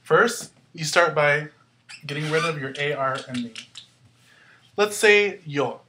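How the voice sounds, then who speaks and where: A woman's voice: low-pitched, slow pace, pushed and bright, a little hiss or hum. Woman, Spanish teacher, upbeat, step-by-step, classroom lesson. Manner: upbeat, drills endings step by step. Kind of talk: classroom-style grammar lesson.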